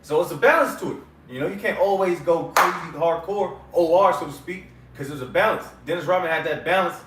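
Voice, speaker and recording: A man's voice: fairly high pitch, brisk, a bit bright. A man in a casual faith group discussion, talking fired up and profane and ending lines with "man". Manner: profane, fired-up street talk, says "man" constantly. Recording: echoey room, mic far off.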